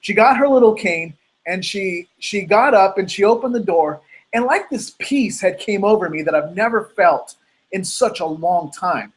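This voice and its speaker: A motivational speaker telling a personal story in an earnest storytelling manner, acting out the quoted lines, over an online video call. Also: male voice, high-pitched, expressive, normal speed, slight background noise, low-quality recording.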